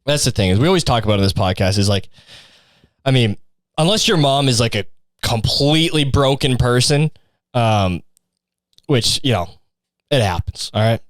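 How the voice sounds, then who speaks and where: A man's voice: mid-range voice, lively intonation, moderate pace, pauses often, dry recording, studio quality. A young man hosting a solo podcast, rambling crudely with constant profanity. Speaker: podcast host. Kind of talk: casual solo podcast rant.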